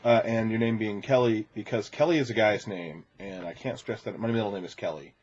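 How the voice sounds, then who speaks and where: A man hosting a podcast in casual chat, talking in a chatty, playful way and sometimes slipping into quick impressions. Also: on the low side, a little mellow, breathy edge, highs cut off. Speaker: podcast host.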